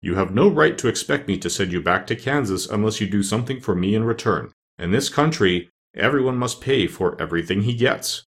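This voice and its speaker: A man reading a storybook, voicing a stern disembodied giant head that speaks slowly and commandingly. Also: lowish voice, expressive. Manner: slow, commanding.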